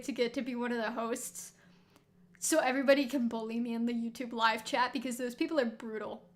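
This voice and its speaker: A woman streaming a game, chatting casually with lots of laughs and self-mocking asides. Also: fairly high pitch. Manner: giggly, rambling, self-mocking.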